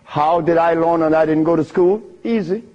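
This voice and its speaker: An older man with a husky voice tells stories to an audience in an animated way, laughing often. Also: a little high, normal speed. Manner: animated, laughs often, sing-song emphasis. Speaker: speaker giving a talk. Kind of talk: storytelling lecture to an audience. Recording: dull lo-fi archive recording.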